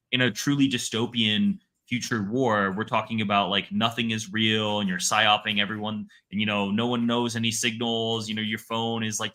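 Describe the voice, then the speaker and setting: A man talks as a guest analyst in a relaxed interview. His voice sits low, yet its tone comes across bright and forward. He rambles, circling back with restarts and fillers as he thinks aloud. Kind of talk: casual interview talk.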